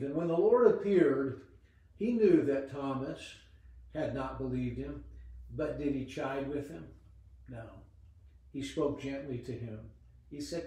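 Gentle middle-aged pastor in an echoey room. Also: male voice, medium pitch, unhurried. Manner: earnest, gentle preaching with frequent "uh" fillers and repeated words. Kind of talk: devotional sermon. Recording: echoey room, mic at a distance.

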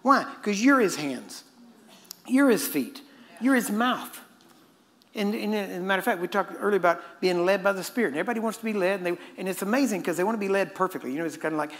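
A man's voice: high-pitched, lively intonation, fast, fairly bright tone. Conversational male preacher, calls for amens. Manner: conversational, asks the crowd "Amen?" often; acts out quoted voices and chuckles mid-point. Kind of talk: sermon.

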